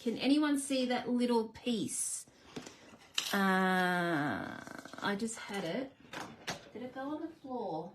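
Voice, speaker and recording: A woman's voice: a little high, animated, slow pace, pauses often, noisy background. A woman hosting a live card-making stream, chatting casually and laughing at herself while she works. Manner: chatty, self-deprecating, talks to viewers while working. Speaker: crafting live stream host. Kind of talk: casual live crafting demo.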